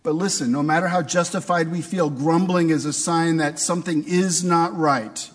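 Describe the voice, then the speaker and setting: Pastor guy preaching, kinda husky, lots of questions to the crowd, big echoey church. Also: fairly high pitch, fairly even intonation, normal speed. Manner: conversational preaching with rhetorical questions. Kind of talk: sermon.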